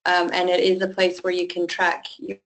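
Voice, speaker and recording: A woman's voice: fairly low pitch, monotone, normal speed, vocal fry, rough recording. Woman explaining on a webinar. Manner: reassuring, speaks with frequent ums. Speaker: webinar co-host for the campaign team. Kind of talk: casual explanatory webinar talk.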